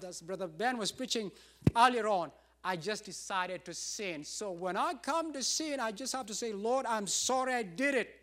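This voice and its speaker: A man's voice: high-pitched, animated, moderate pace, fairly bright tone. A middle-aged man pastor preaching a sermon, emphatic and repetitive, with rising bursts.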